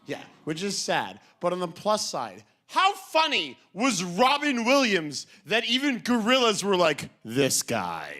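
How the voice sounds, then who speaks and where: With a high-pitched voice, an unhurried pace, and hardly any pauses, a young man performs stand-up at a club. He acts out characters as he tells animated stories, and audience laughter can be heard.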